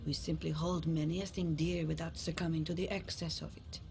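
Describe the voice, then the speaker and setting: An actress playing a cool, reasoned dragon noblewoman in a video game, speaking in a measured, lofty way. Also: sits low, flat delivery.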